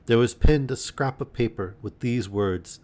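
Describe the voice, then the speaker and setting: A man reading a storybook aloud in a gentle, unhurried bedtime manner on a live stream. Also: medium pitch.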